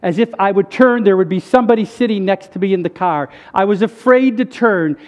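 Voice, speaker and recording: Earnest high-voiced man giving a testimony. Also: brisk. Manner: earnest, emphatic, addresses the crowd directly. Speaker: speaker sharing a faith testimony. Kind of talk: conversational sermon testimony.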